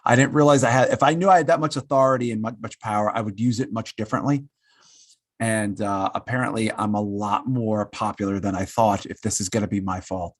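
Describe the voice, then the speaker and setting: A man with a husky, slightly rough voice rambles through a casual podcast chat. He trips over his own words, piles on fillers and pokes fun at himself. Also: fairly low pitch, steady tone, a little fast, no echo, clean studio sound. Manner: rambling, self-mocking, with many fillers and restarts. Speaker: podcast co-host.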